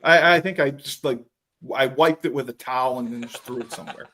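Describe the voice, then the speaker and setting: A man hosting a podcast, telling profane, animated stories and acting out what others said in casual chat. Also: medium pitch, fairly quick. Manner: profane, animated storytelling with acted quotes. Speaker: podcast host.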